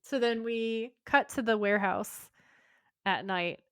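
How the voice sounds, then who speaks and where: A woman's voice: on the high side, slow pace, clear, resonant tone, no room sound, clean studio sound. A woman co-hosting a podcast, chatting casually as she recaps episode scenes, reads dialogue aloud and giggles often. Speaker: podcast co-host.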